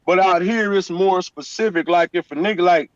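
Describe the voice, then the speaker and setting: A man talks in a fairly high voice, emphatic and story-driven, and keeps checking in with the listener. The sound is dull and lo-fi, like a call line, and very dry. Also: normal speed, dry recording. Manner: emphatic street storytelling, repeats "you know what I'm saying". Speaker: guest. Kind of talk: casual chat.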